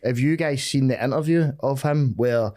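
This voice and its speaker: A man's voice: medium pitch, normal speed, mellow. A Scottish man, a comedian guest, joking and swearing in casual podcast chat and calling everyone mate.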